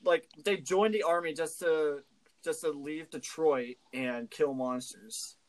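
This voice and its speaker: A man's voice: fairly high pitch, slow pace, low-quality recording. A man co-hosting a casual podcast chat, swearing freely, laughing often and telling stories with animation. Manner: profane, laughing, animated storytelling. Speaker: co-host.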